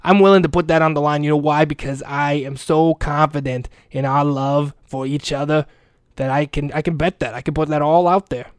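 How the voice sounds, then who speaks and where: A man's voice: fairly high pitch, fairly even intonation, a little fast, clear, resonant tone, no echo, studio quality, close to an everyday voice. A man playing a crude, lovesick older school janitor who rambles earnestly and swears a lot in a comic monologue. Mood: lovesick rambling. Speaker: comedic character monologue.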